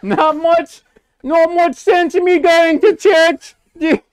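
A woman's voice: very high-pitched, steady tone, takes it slowly, no room sound. A woman playing a mischievous young brother who teases in a mock-dramatic way, for a comedy skit. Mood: teasing.

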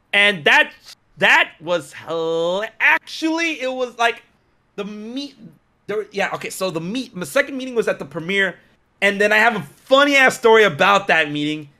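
A young man telling a story in a casual chat, excitable and slangy, with many restarts. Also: on the high side.

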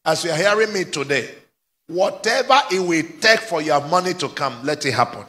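Bright-voiced pastor preaching fervently. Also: male voice, on the high side, expressive, normal speed. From Nigeria. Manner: exhorting, climbs to fervent shouting, prompts replies. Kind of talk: live sermon with call and response. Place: church service before a congregation.

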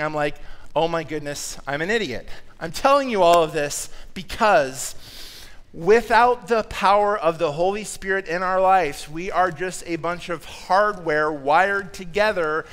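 Bright, clear-voiced male pastor preaching. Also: high voice. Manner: conversational, self-deprecating storytelling with quick asides. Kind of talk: sermon. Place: church.

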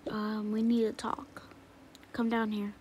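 A woman playing a mother in a home-made family skit, talking softly and reassuringly, often half-whispered. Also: medium pitch, monotone, takes it slowly. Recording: noisy home recording.

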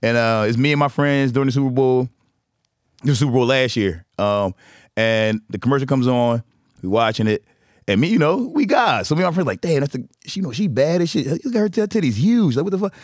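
A man's voice: medium pitch, brisk, no echo, clean studio sound. A middle-aged man hosting a casual comedy chat, telling stories with lots of laughter and acted-out quotes. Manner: animated storyteller, laughs often, acts out quotes. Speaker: podcast host.

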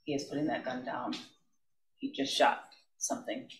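Witness testifying in court, halting and stop-start, echoey room, mic far off with faint hiss. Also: medium pitch, steady tone. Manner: halting, restarts, trails off. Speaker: witness, school principal.

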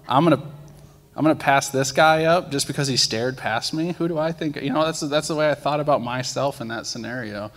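A young man giving a casual sermon, sharing testimonies with animated storytelling and acted-out quotes. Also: medium pitch, vocal fry. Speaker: lay speaker sharing testimonies. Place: church sanctuary. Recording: long reverb of a church hall.

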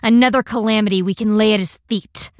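A woman's voice: mid-range voice, steady tone, fast talker, no echo, clean studio sound, natural voice. A woman voicing a stern young warrior who talks in a formal, clipped and severe way, in a video game.

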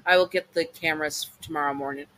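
A man reading the lines of a gentle, protective male imp jester in a soft, reassuring way within a story. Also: fairly high pitch, fairly even intonation, fast talker, poor audio.

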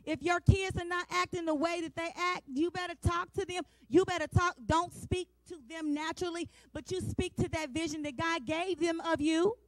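A woman in her forties delivers a sermon with fervent, emphatic repetition, speaking in a plain, down-to-earth way straight to her listeners. Her voice sits high, and the sound is close and dry with no room around it. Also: steady tone, moderate pace, hardly any pauses, no echo. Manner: passionate, emphatic preaching with repeated refrains; colloquial, talks straight to the congregation. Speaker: women's day speaker.

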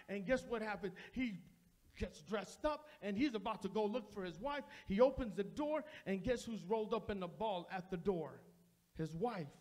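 A man's voice: sits high, lively intonation, moderate pace, a little mellow. A male pastor preaching a sermon in a church, speaking straight to the congregation in a repetitive preaching cadence. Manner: addresses the congregation directly. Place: church sanctuary.

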